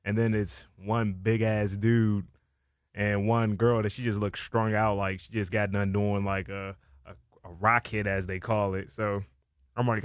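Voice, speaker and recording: A man's voice: fairly low pitch, level tone, unhurried, dry recording, studio quality. A young man with a Washington DC accent telling a story in casual chat, animatedly acting out the voices of people in it. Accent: Washington DC area.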